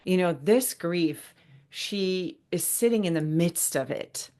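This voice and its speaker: A woman hosts a podcast in an unscripted solo monologue. Her voice sits a little low, and she talks earnestly and loosely, wandering off on tangents and restarting words as she goes. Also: lively intonation, slow, mellow. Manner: earnest, rambling, with many fillers and restarts. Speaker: podcast host.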